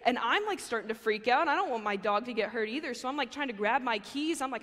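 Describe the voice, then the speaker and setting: A woman's voice: sits high, expressive, quick pace, hardly any pauses, fairly bright tone. Chatty young woman preaching in a chapel. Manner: chatty, with frequent fillers. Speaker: chapel speaker. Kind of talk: casual chapel sermon. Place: university chapel. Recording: long hall reverb.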